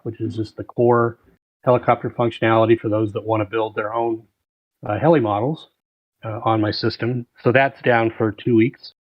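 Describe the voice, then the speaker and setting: A man's voice: medium pitch, phone-quality sound. A man talking as a podcast guest, explaining steadily with frequent ums and uhs. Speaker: guest mod developer. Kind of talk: casual podcast chat.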